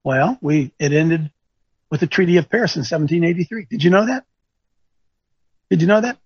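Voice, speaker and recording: A man coaching an audience, speaking in an animated, teasing way that quizzes listeners with questions and thinks aloud. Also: a little high, brisk, slightly rough, no room sound, dull audio. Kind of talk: lecturing talk with rhetorical questions.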